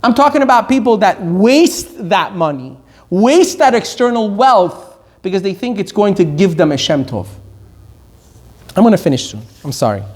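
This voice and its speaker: A middle-aged rabbi from Iran giving a Torah lecture in a fairly high man's voice. He leans hard on key phrases and draws them out, then hurries through his side remarks. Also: very animated. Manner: emphatic, slows down on key words and speeds through asides.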